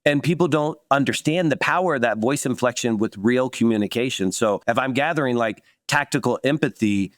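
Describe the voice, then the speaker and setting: A man hosting a podcast interview in a relaxed, thoughtful tone. He shares his own sales stories and often answers his guest with short affirmations. His voice has a middle pitch and the sound is dry and close. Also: fairly quick, hardly any pauses, no room sound. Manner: conversational, reflective, frequent affirmations. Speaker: podcast host.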